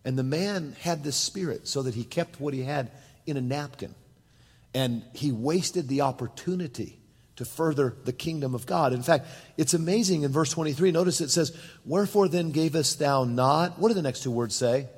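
A man's voice: a little high, moderate pace, breathy edge, in a large hall. A man preaching a sermon to a congregation, quoting scripture and acting out the people in the story, with asides to the crowd. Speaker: pastor.

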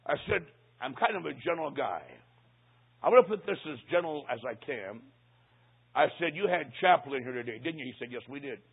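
A man preaching, telling a humorous story and acting out the dialogue in hushed, lower voices. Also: animated, a little fast, vocal fry, slightly rough. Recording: tinny phone-like sound.

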